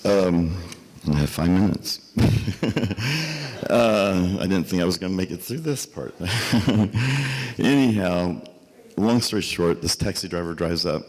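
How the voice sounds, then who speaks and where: A man's voice: low voice, expressive, slow pace, pauses often, darkish tone. A man, a hospital architect, speaking at a fundraising banquet in a hotel hall, telling an anecdote and acting out the dialogue with growing emotion. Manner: storytelling, acts out the dialogue, grows emotional. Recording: long reverb of a large hall.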